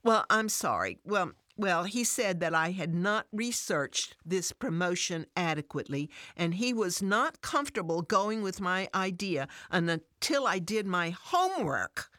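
A woman voicing an upset, defensive working mother who talks in an emotional, high-strung, pleading way. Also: sing-song, measured pace, few pauses, pushed and bright, dry recording, clean studio sound, heavily acted.

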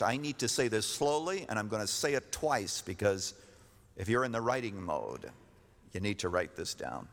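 Preaching man in an echoing hall. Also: fairly bright tone. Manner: emphatic, repeats key phrases, rises in pitch when stressing points. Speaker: pastor. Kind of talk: sermon. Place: church sanctuary. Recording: long reverb of a church hall.

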